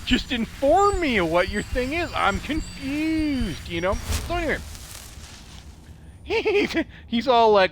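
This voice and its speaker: High lively Canadian man with a drawl. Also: takes it slowly, a little hiss or hum. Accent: Canadian with a southern drawl. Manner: chatty, laughs often, snarky asides. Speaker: let's play streamer. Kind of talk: rambling story while gaming.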